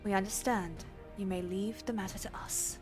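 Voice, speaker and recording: A woman voicing a formal, aloof woman archer leader in a video game, reading in a stiff, measured way. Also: medium pitch, steady tone, soft background music, natural voice.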